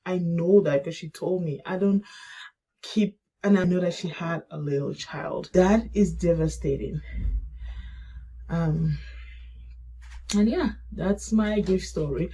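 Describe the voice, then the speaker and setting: A middle-aged woman telling her grief story in a halting, emotional way and reading an old message aloud. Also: fairly low pitch, husky, rough recording. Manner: halting, emotional, soft-spoken. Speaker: grief support vlogger.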